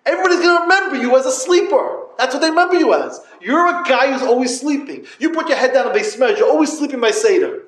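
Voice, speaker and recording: Man giving a yeshiva talk, high-pitched, with yeshivish English full of Yiddish words and a storytelling way of addressing listeners; recorded in a roomy space. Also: sing-song, fast talker, few pauses. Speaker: yeshiva lecturer. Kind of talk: Torah talk to yeshiva students. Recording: echoey room.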